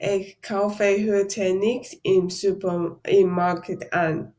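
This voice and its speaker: Woman, language learner, very slow pace, hesitant, repeats words carefully. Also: medium pitch, little pitch movement, mellow. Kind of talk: language lesson practice.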